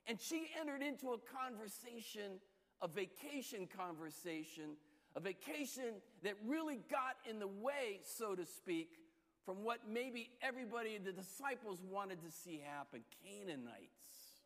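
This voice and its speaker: A high-pitched man preaches a storytelling sermon, swinging between quiet asides and bursts of excitement. His voice rings out in a hall with a long, trailing reverb. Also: measured pace. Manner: storytelling, lively shifts in pitch and loudness. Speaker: pastor.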